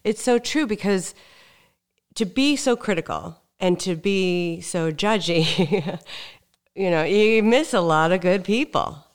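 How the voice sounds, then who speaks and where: A woman hosts a podcast and chats with her guest in an upbeat, playful way. Her voice sits a little low for a woman. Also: slow pace, clear, resonant tone. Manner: upbeat, playful, laughs easily. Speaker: podcast host. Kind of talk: casual podcast interview.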